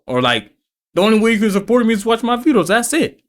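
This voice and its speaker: A man with a South African accent, reacting to a video in casual commentary, loud and slangy with lots of interjections. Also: high-pitched, fast talker. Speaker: YouTube reactor.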